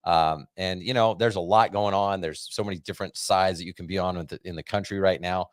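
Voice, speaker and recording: Upbeat rambling American man, low and dry. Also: fairly even intonation, fairly quick, no echo. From United States. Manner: rambling and upbeat, heavy on fillers. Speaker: podcast host. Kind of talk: casual monologue to a live audience.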